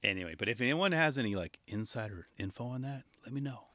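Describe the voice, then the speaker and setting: A young man giving casual solo commentary on skateboarding, excitable and rambling, firing off rhetorical questions. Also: medium pitch, quick pace, no room sound.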